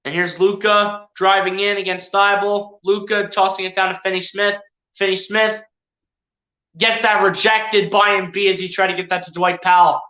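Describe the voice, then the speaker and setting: Calling a basketball game live, this chatty streamer talks straight to the players and viewers, fixing names as he goes. The voice is bright, mid-pitched and slightly hedging, with a flat delivery at normal speed, and the room echoes.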